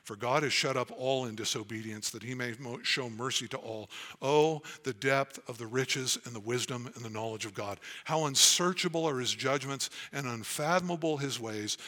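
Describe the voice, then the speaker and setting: A man's voice: medium pitch, pushed and bright. A man preaching a sermon as pastor, earnest and emphatic as he reads and explains scripture.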